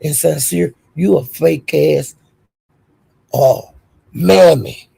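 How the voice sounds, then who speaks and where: A woman hosting a livestream and telling a story as a heated rant, profane and scolding, with animated storytelling. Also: deep voice, measured pace, gravelly, slightly rough. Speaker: livestream host.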